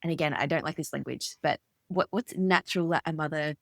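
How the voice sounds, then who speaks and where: A woman's voice: low-pitched, brisk, creaky, a bit bright, no room sound, clean studio sound. A woman hosting a podcast, asking chatty, curious questions in a candid, casual way. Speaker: podcast host. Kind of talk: casual interview.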